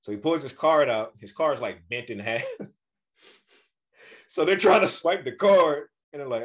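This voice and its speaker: A man co-hosting a podcast, telling a travel story in a casual, animated way and acting out the people he quotes. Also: on the high side, fairly quick. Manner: animated, acts out quoted voices. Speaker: podcast co-host.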